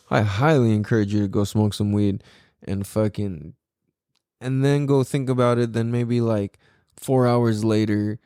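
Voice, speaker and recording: Mellow-voiced man ranting casually, profane. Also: mid-range voice, clear, resonant tone, no room sound, studio quality. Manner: animated, profane, rambling with many fillers. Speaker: podcast host. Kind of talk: casual podcast rant.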